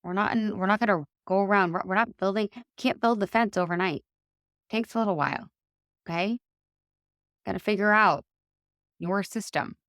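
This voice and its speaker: A woman in her thirties hosting a solo coaching podcast, chatty and animated, acting out the voices in her stories. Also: mid-range voice, normal speed, long pauses, dry recording, studio quality. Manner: chatty, animated, acts out quoted dialogue. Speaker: podcast host and life coach.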